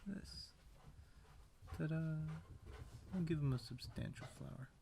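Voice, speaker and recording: A man's voice: mid-range voice, moderate pace, vocal fry, slight background noise. A man casually narrating as he paints a tiny picture, rambling to himself with playful sound words. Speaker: painter and video maker.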